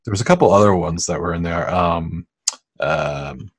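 A man's voice: sits low, normal speed, husky, no echo. A man co-hosting a podcast, chatting casually and crudely while watching a movie. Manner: laid-back, mumbling, crude jokes. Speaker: podcast co-host. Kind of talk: casual movie commentary chat.

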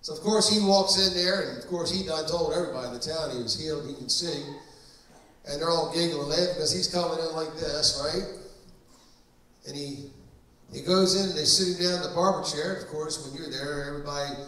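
A man's slightly high, brisk, somewhat bright voice carries a deliverance-service sermon, delivered as emphatic storytelling full of fillers. He's a pastor in a church hall, recorded from a distance with plenty of echo.

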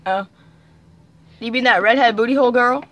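Teen girl, high bright voice, silly and random, faint hiss in the back. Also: normal speed, poor audio. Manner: goofy, silly, blurts random lines. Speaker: sister and co-host. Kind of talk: chaotic casual chat with a sibling.

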